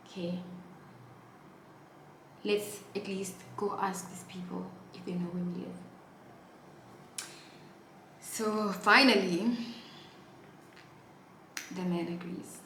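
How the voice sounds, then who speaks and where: A woman's voice: lowish voice, fairly even intonation, slow pace, pauses often, slight background noise. Young woman vlogger, dramatic storyteller with big swings in volume; a roomy, echoey sound with faint ambience behind. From Namibia. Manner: dramatic, swings from hushed asides to loud exclaiming. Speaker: YouTuber telling a story. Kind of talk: animated storytime vlog.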